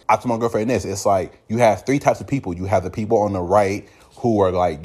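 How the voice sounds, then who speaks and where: Animated man, low-pitched, Californian. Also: quick pace, breathy edge. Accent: Californian English. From United States. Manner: animated, mimics other people's reactions in quoted voices. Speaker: podcast host. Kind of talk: casual solo commentary.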